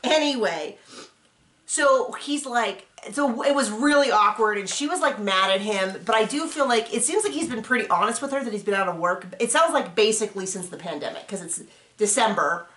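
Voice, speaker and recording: A woman's voice: on the high side, expressive, moderate pace, fairly bright tone, reverberant. A woman hosting a casual reality TV recap, chatting and rambling as she acts out what people said.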